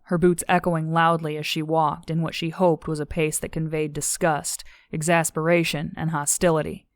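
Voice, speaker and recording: Low-voiced woman reading an audiobook. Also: no room sound. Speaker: audiobook narrator. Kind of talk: scripted audiobook narration.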